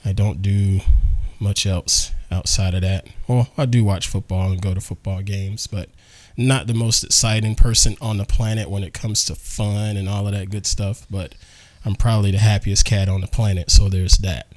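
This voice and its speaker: Laid-back teasing man, lowish voice. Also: level tone, moderate pace. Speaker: podcast host. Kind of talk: casual podcast chat.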